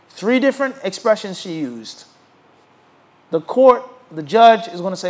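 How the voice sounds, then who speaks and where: High-voiced man teaching a religious class. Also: moderate pace. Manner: rhetorical questions asked to the audience; animated, emphatic. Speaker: Islamic teacher.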